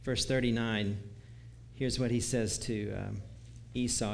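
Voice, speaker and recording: A man delivers a sermon in an easy, conversational way, reading scripture aloud and chuckling lightly at his own asides. His voice sits in an ordinary middle pitch. A faint hiss of noise runs underneath. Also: fairly even intonation, takes it slowly, gravelly. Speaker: preacher.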